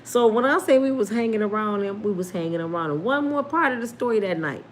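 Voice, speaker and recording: A woman in her fifties tells a story the way she would to friends, keeping it lively and laughing as she goes. She drops into different voices to play the people in the tale, all at a middle pitch. There is a faint hiss of background noise. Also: quick pace. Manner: animated, laughs often, acts out quoted voices. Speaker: storyteller host. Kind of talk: casual storytelling.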